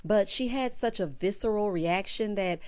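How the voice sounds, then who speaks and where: A woman's voice: mid-range voice, normal speed, smooth. A woman recapping a reality show in a sassy, opinionated way, talking straight to her viewers. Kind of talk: casual chat.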